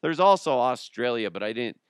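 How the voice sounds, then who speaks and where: Joking podcast host, smooth dry voice. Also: male voice, mid-range voice, lively intonation, fairly quick, no room sound. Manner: joking, rambling, self-mocking. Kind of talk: casual solo podcast talk.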